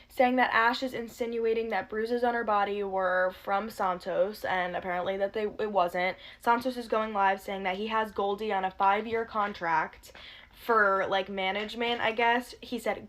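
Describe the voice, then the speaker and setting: Young woman spilling tea, quick sarcastic and kinda foul-mouthed. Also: mid-range voice, fairly even intonation, fairly bright tone. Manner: fast, sarcastic, swears a lot. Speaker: commentary youtuber. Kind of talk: casual gossip commentary.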